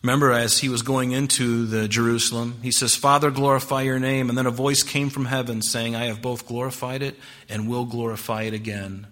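A man preaching a sermon with a bright, forceful tone. He reads scripture aloud, presses key words hard, then drops to a hush. The delivery stays expository and earnest. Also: mid-range voice, level tone, a little fast, few pauses. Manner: swings between emphatic rises and hushed drops. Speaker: pastor.

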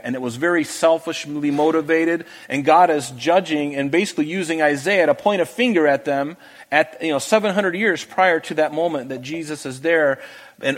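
Guy teaching through bible verses, kinda high voice, reads scripture w/ big emphatic rises.

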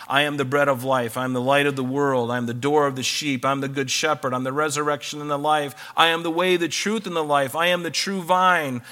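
A man's voice: medium pitch, pushed and bright. A man preaching a sermon, reading scripture aloud and then explaining it in a conversational way.

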